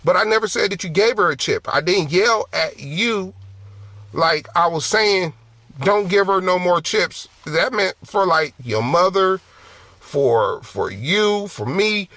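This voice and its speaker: High-voiced man telling a testimony. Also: a little slow, no echo. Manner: animated, conversational, repeats and restarts phrases. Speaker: minister. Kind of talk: personal testimony storytelling.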